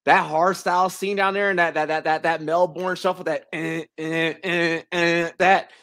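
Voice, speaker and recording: A man's voice: fairly high pitch, little pitch movement, moderate pace, a bit bright, no echo, studio quality. A man hosting a casual podcast chat who laughs often and repeats words while searching for them. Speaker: podcast host.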